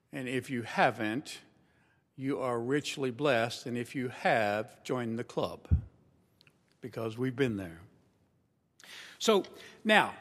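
A man preaching a sermon as a pastor, telling the story with relaxed humor and acting out what people say. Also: mid-range voice, in a large hall. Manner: storytelling, acts out quoted voices.

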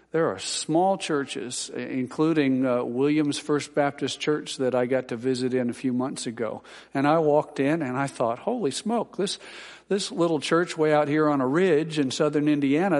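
A man, a Baptist pastor, giving rambling, homespun church announcements to his congregation, with lots of fillers and dry humorous asides. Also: mid-range voice. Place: large church sanctuary. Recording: long reverb of a church hall.

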